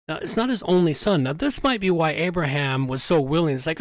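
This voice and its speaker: A man hosting a Bible reading with casual commentary. He reads at a measured pace, stops to correct himself, and adds wry, sarcastic asides. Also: fairly high pitch, expressive, dry recording. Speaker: host reading scripture.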